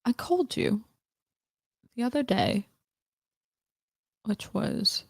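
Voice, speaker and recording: A woman's voice: a little high, animated, slow, gravelly, husky, no echo, studio quality. A woman hosting a casual livestream, laughing often and breaking off mid-sentence while she tries out British accents. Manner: giggly, self-interrupting, playful. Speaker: livestream host.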